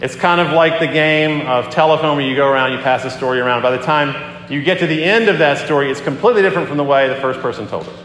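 A man preaching a sermon as a pastor, talking in a conversational, animated way as he tells a story and acts out the quotes. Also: on the high side, fast, hardly any pauses, a little hiss or hum. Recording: echoey hall with long reverb.

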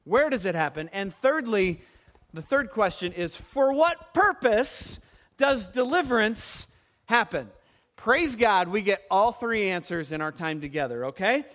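A man preaching a sermon as pastor, animated and putting questions to the congregation. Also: high voice, measured pace.

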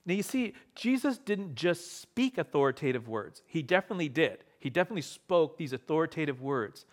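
A man preaching a sermon as pastor to a live congregation in church, emphatic, repeating key phrases and shifting pace and loudness. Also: a little high, sing-song, brisk.

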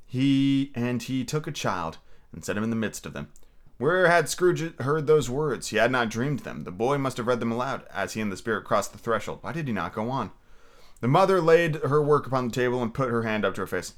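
A male podcast host chats about films in a loose, relaxed way and swears casually. He also reads a classic story aloud at an easy pace. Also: mid-range voice, fairly quick. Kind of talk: casual review chat and storybook reading.

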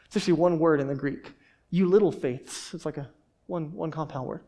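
A man's voice: a little high, steady tone, quick pace, darkish tone. A man preaching a sermon to a congregation in a casual, conversational way, asking rhetorical questions and often restarting his words. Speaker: pastor.

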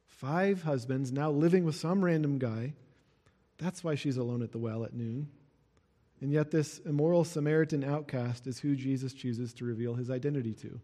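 A man's voice: medium pitch, normal speed, warm tone, big-room sound. A man who is a pastor, preaching a sermon and explaining verses with casual, conversational asides.

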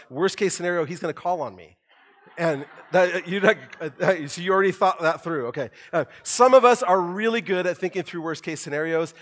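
A middle-aged man preaching a sermon in a church, conversational and animated, acting out the quoted lines with rising emphasis. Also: a little high. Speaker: pastor.

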